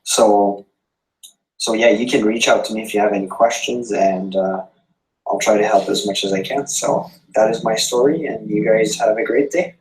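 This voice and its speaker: A man with a somewhat low voice winds up his story for a group. He talks casually and haltingly, stopping often on fillers. The room around him adds a noticeable echo. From Canada. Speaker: guest sharing his story. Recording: echoey room.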